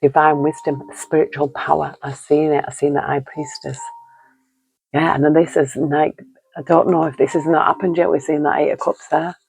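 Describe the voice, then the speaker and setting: A man's voice: fairly high pitch, flat delivery, normal speed, gravelly, breathy edge, dry recording, low-quality recording. A man giving an earnest, encouraging tarot card reading, rambling and repeating himself often. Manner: rambling and repetitive, leaning on "you know". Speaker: tarot reader.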